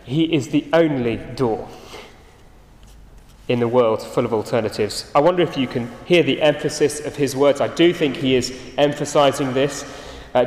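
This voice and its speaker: A man preaching a sermon, earnest and emphatic, his phrases often sinking soft and low at the end. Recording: echoey hall, reverberant.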